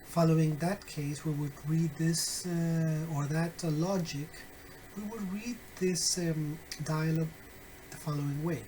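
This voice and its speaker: A man teaching phonetics in a recorded online lesson, deliberate and full of fillers and self-corrections, with wry, friendly asides to his students. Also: a little high, fairly even intonation, a little mellow, a little hiss or hum, poor audio.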